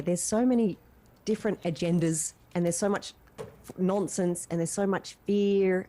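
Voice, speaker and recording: A woman in casual conversation, talking earnestly and from the heart. She rambles a little and restarts her sentences. Her voice sits at an ordinary middle pitch. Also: mellow. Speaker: guest. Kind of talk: casual chat.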